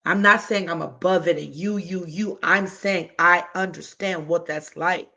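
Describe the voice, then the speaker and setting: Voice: mid-range voice, fairly even intonation, measured pace, pushed and bright. A livestream host giving heartfelt advice in a casual, emphatic way, talking straight to viewers with colloquial slang. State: voice cracking.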